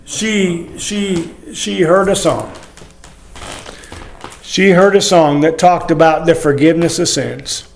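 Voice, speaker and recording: A man's voice: fairly high pitch, fairly even intonation, slow, creaky, reverberant, slight background noise. An older man preaching a sermon, telling folksy stories to the congregation.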